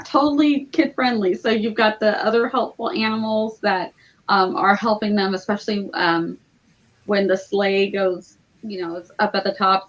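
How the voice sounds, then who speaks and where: A woman co-hosting a casual book podcast, chatting loosely with frequent fillers. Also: medium pitch. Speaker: book club co-host. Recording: slightly dull lo-fi audio.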